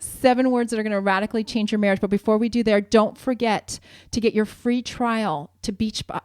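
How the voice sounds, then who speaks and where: A woman's voice: medium pitch, darkish tone, no room sound, clean studio sound. A woman co-hosting a marriage podcast in casual, earnest talk, laughing easily and reading sponsor plugs. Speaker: podcast co-host.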